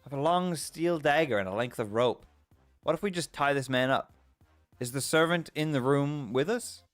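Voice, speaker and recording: A man's voice: a little high, moderate pace, no echo, soft background music. A man streaming a text adventure game, reading its story aloud and reacting playfully, often laughing.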